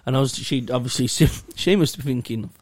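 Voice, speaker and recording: A man's voice: mid-range voice, a little fast, no room sound. A young man, rambling through a sweary, self-mocking story in casual chat. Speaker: podcast co-host.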